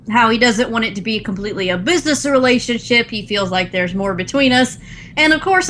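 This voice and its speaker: A woman's voice: a little high, pushed and bright, slight background noise, poor audio. A young woman co-hosting a casual gaming podcast, chatty and laughing often, acting out game characters' lines as she tells stories. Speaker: podcast co-host.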